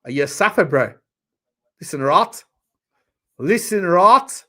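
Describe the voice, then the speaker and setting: A man's voice: high voice, lively intonation, takes it slowly, a bit bright, full character voice. A man voicing a jovial South African man with a clumsy, exaggerated put-on South African accent. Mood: jokey.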